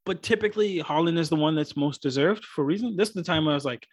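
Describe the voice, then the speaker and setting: A man with a slightly raised pitch chatting about movies with a friend. He is enthusiastic and keeps reenacting scenes as he talks. The recording is dry and close-miked. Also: fast talker, husky, no echo. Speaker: podcast co-host. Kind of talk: casual chat.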